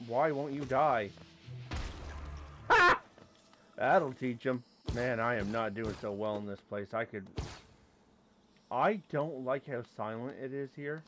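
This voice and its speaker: A man in a mid-range voice narrating his own gameplay in a loose, chatty way. He talks straight to the creatures on screen and breaks off into sudden yelps and quick exclamations when something catches him off guard. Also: medium pitch. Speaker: let's play host. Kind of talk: casual gameplay commentary.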